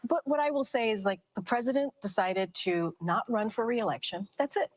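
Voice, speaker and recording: A woman's voice: a little high, moderate pace. Firm woman spokesperson on a talk show. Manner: firm, dismissive. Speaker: government spokesperson. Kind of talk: television talk show interview answer.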